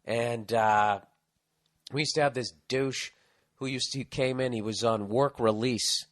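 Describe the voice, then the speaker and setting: A man's voice: medium pitch, a little slow. Profane, ranting middle-aged Boston man. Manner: profane, ranting, animated storytelling. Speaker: podcast host reading listener mail. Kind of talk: casual advice podcast.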